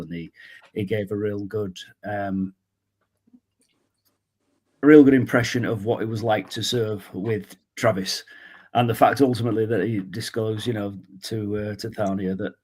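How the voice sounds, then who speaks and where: A man with a husky voice and a fairly low pitch talks over an episode in loose podcast chat. He is halting and restarts often, and he breaks into laughs. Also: a little mellow. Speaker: podcast panelist. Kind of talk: casual chat.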